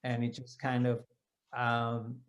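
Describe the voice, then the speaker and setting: A man's voice: medium pitch, completely flat delivery, slow pace. Conversational man telling personal stories. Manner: conversational, with many asides and self-corrections. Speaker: devotee sharing personal experiences. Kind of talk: personal storytelling talk.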